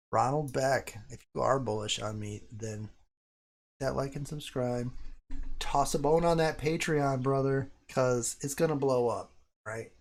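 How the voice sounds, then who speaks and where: A man hosting a casual livestream, talking straight to his viewers. He is loose and excitable, swears freely, and keeps a running, off-the-cuff commentary. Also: mid-range voice. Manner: profane, excitable, talks to chat. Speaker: livestream host. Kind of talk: casual live-stream commentary on crypto charts.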